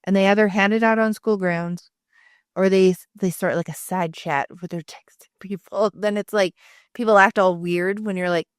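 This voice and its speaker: Chatty 30s woman on a podcast, mid pitch, dry close sound, lots of likes. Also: fairly even intonation, normal speed, clear, resonant tone, dry recording. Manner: chatty storyteller, acts out friends' quotes, lots of "like". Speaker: podcast co-host. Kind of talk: casual chat.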